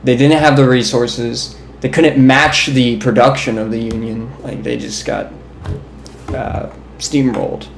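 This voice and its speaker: A man's voice: medium pitch, fairly even intonation, a little slow, a little hiss or hum. A young man co-hosting a podcast in casual chat, telling long, rambling stories with an amused, laughing manner. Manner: rambling, amused storyteller who laughs as he talks. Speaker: podcast co-host. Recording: roomy echo.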